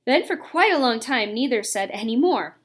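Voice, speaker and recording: A woman reading a children's story aloud, narrating and voicing the dialogue in a lively way. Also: moderate pace. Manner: lively, reads dialogue with raised pitch. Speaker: audiobook reader. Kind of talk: storybook narration with character voices.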